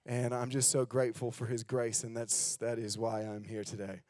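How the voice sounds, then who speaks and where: A man's voice: mid-range voice, level tone, normal speed, darkish tone, dry recording, clean studio sound. A man from Australia with an American accent, preaching a sermon as a guest preacher and leading prayer, fervent and fond of repeating "just". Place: decorated church hall.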